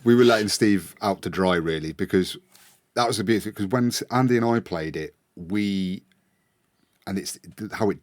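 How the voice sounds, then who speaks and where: A man's voice: fairly low pitch, normal speed, dry recording. A British man co-hosting a casual podcast chat, telling stories with acted-out quotes. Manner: animated storytelling with acted-out quotes. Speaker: podcast co-host.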